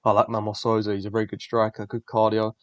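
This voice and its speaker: Blunt, profane man, low voice. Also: quick pace, dry recording. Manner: blunt, profane, rambling, excitable. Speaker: MMA fight predictions host. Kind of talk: casual solo commentary. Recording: dull lo-fi dry recording.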